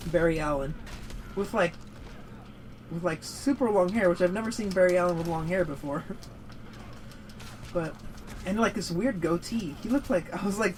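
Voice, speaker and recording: Young male co-host, high voice, loose profane rambling chat over a light noise floor. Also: low-quality recording. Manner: rambling, profane, laughs often. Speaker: podcast co-host. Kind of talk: casual gaming chat.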